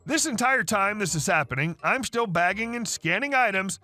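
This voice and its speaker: A man narrating a workplace story from a written online post in a lively, expressive way. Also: sits high, normal speed, faint music behind. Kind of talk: scripted narration of a reddit story.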